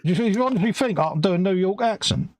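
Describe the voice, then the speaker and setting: A man's voice: sits high, lively intonation, quick pace, slight background noise. A middle-aged man with a London accent, co-hosting a live hobby stream in easygoing, self-mocking chat. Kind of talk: casual banter.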